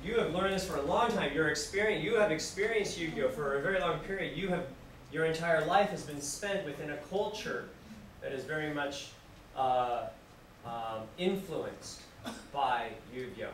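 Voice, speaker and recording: A man lecturing a class. He is animated, asks the students questions, acts out examples, and repeats simple phrases for language learners. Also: fairly high pitch, moderate pace. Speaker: university lecturer. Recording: distant, very echoey classroom with noise.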